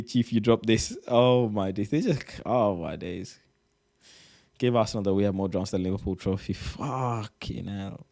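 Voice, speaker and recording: A man's voice: lowish voice, darkish tone. A man giving casual reaction commentary, reading posts aloud, swearing and sounding exasperated. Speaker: reaction streamer.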